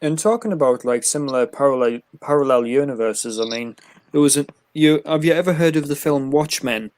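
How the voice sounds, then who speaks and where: A man in casual podcast banter, his voice mid-pitched and close to the mic. The sound is dry, with little room around it. He rambles loosely through his stories and laughs at them. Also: a little fast, a little mellow, no room sound. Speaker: podcast co-host. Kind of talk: casual chat.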